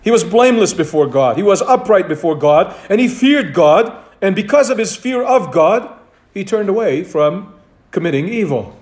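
A man preaches with a fairly high voice, leaning on key words and repeating them for emphasis. His delivery is measured and deliberate, the cadence of a pastor walking his congregation through a point step by step. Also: lively intonation, darkish tone. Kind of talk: sermon.

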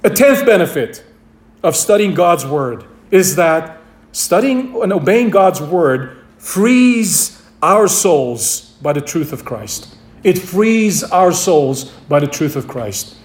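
High-voiced man preaching in an echoey room. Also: very animated, slow pace. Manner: emphatic, repeats key phrases. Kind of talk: sermon.

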